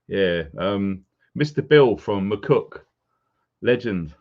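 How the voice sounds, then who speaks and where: A man's voice: fairly low pitch, lively intonation, slow pace. A man hosting a live stream, casually greeting viewers by name as they join. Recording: dull lo-fi sound.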